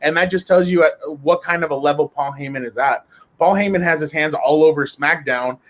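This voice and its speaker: A man with a fairly high voice chats eagerly on a sports round table. He rambles and restarts, piling one thought on the next. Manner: excited, rambling, with quick restarts. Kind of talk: casual sports chat.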